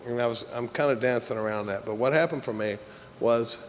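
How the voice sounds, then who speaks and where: A man's voice: medium pitch, fairly quick. Man, middle-aged, candid and profane, rambling, echoey hall, faint hiss. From Texas. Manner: candid, joking, profane, rambling with many fillers. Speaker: AA speaker. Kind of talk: recovery meeting talk. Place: meeting hall.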